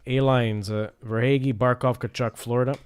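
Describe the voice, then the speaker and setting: A man's voice: mid-range voice, steady tone, moderate pace, clean tone. A man hosting a live sports card break, rattling off players and teams between upbeat asides. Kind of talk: live pack-opening commentary.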